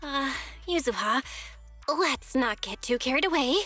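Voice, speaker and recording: An actress voicing a polite, level-headed young woman with a calm, courteous manner in a video game. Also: high voice, unhurried, heavily acted. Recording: game audio with faint music.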